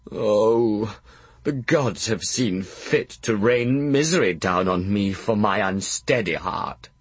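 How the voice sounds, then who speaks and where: A man voicing a croaking, self-pitying old blind earl. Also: on the low side, no room sound, full character voice. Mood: lamenting. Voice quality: croaking, theatrical wailing. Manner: slow, drawn-out lamenting. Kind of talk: audiobook character voice.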